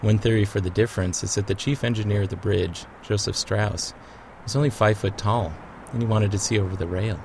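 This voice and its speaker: Man, low voice, somber reflective documentary narrator. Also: fairly even intonation, fairly quick, vocal fry, darkish tone, a little hiss or hum.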